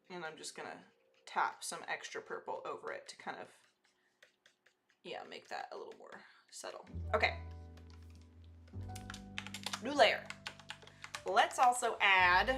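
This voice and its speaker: Chatty woman with a bright voice. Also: mid-range voice. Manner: chatty, self-teasing, lots of fillers and asides. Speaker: digital artist and livestream host. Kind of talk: casual live art demo.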